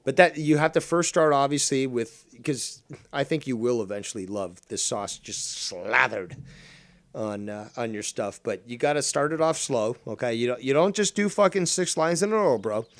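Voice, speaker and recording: A man's voice: medium pitch, animated, normal speed. A man from Canada hosting a gaming stream, teasing and swearing as he rambles on a computer mic. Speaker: streamer host. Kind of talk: casual gaming stream chat.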